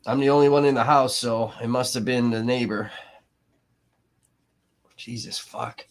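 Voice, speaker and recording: A man's voice: medium pitch, fairly even intonation, measured pace. Profane, rambling male live streamer. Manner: profane, rambling, sarcastic, with frequent restarts. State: sniffly from allergies. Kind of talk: casual live stream commentary.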